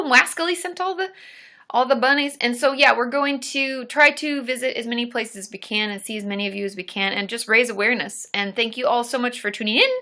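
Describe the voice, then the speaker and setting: A woman's voice: a little high, pushed and bright. A woman therapist hosting a casual live Q&A stream, chatty and giggly as she reads viewer comments aloud.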